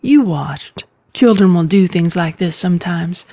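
A woman's voice: fairly low pitch, unhurried, warm tone, no echo. A woman voicing an anxious witch mother who speaks tartly and dryly. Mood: dry, tender. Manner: tart, dry remarks.

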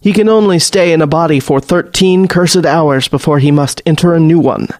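A man reading a fantasy story aloud as the narrator, in a steady storytelling delivery. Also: a little high, moderate pace, no echo. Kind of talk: audiobook fiction narration.

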